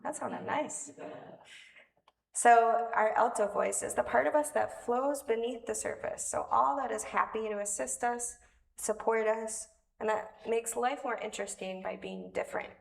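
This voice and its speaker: In a slightly high, gravelly voice, a woman talks to children during a worship service at a moderate pace. Her manner is chatty and playful, punctuated by small laughs. Captured from a distance in an echoey room, the audio has a bit of noise.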